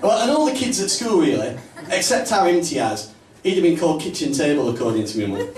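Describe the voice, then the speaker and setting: A man with a Northern English accent doing a stand-up comedy set in a small pub club, with punchy, deadpan delivery. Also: a little high, fairly quick, a little hiss or hum. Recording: roomy, distant live mic, faint ambience.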